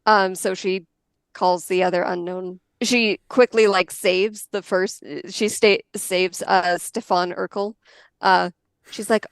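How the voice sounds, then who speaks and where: A woman's voice: medium pitch, fairly even intonation, unhurried, clean tone, no echo. A woman playing a tabletop game, chatty and playful as she talks through her moves. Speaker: player.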